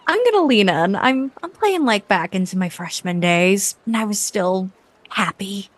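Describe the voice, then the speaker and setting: A woman's voice: medium pitch, expressive, moderate pace. A woman playing a tabletop game, chatting eagerly in character. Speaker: player. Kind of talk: casual tabletop play.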